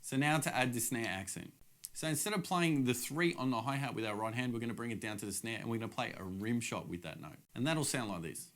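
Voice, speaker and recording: A man's voice: mid-range voice, animated, quick pace, heavy background noise. Upbeat middle-aged man teaching drums. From Australia. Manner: casual, upbeat, direct to camera. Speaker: drum teacher. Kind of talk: online drum lesson.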